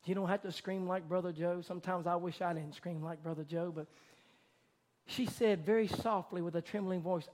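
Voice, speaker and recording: High-pitched guy preaching, goes quiet then works way up loud and fiery. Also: fairly even intonation, normal speed. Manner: swings between hushed softness and loud, rising fervor. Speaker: pastor. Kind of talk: sermon.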